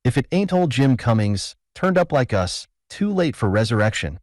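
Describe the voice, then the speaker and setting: A man's voice: medium pitch, sing-song, moderate pace, darkish tone, dry recording, studio quality, pitched above the performer's own voice, natural voice. Man doing a testy frontier prospector. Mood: rough. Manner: folksy frontier dialect, testy. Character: rough gruff male gold prospectors.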